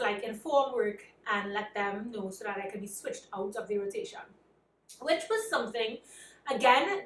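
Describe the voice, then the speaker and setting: A young woman with a Trinidadian accent tells a personal story in a lively, animated way, acting out both sides of the conversation. Her voice sits a little high. She is recorded a bit away from the mic in an echoey room. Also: recorded from a distance, slight background noise. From Trinidad and Tobago. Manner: animated, self-described anxious, acts out quoted dialogue. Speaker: vlogger. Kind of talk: casual storytelling.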